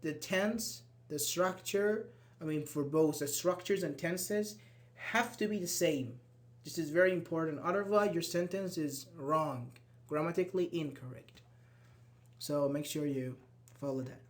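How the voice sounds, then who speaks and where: A man's voice: fairly high pitch, a little slow. A man teaching an online English grammar class, explaining step by step and repeating his example sentences.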